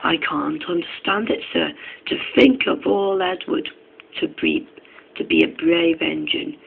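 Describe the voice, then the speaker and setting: A man's voice: fairly high pitch, a little slow, creaky, slightly rough, phone-quality sound, heavily acted. A man voicing a sly, lying steam engine who acts humble and innocent in a storybook reading. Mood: feigned innocence. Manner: falsely humble.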